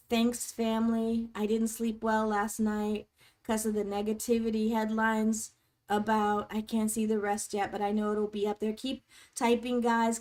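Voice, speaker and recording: Supportive woman hosting a livestream chat. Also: on the high side. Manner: warm, supportive, reads chat aloud. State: tearing up. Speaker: livestream host.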